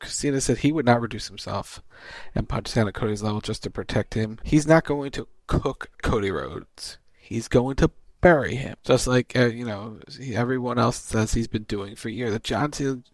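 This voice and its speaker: A man co-hosting an internet radio show, briskly recapping events with small restarts. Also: mid-range voice, no room sound. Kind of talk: wrestling show recap chat.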